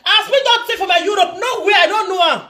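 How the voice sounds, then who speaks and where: A woman's voice: extremely high pitch, quick pace, pushed and bright. A woman, arguing heatedly on a live stream, scolding and laughing through her words.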